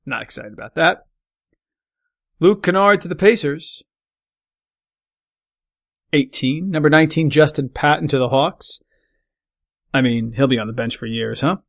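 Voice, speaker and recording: A man hosting a solo sports podcast, running through picks with quick, opinionated verdicts and joking asides. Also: fairly high pitch, gravelly, a bit bright. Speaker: podcast host.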